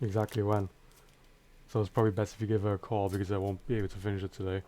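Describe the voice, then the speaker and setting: A man working as a phone repair technician, calmly and matter-of-factly explaining his work in casual chat. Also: lowish voice, racing, slight background noise. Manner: calm, matter-of-fact explaining.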